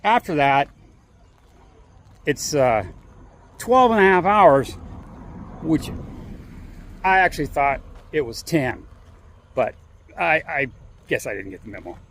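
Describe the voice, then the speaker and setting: A man's voice: on the high side, big pitch swings, takes it slowly, pauses often, a bit bright, slight background noise. A man vlogging as he walks, telling a story in a rambling, chatty way full of restarts and asides. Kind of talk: casual storytelling on a walk.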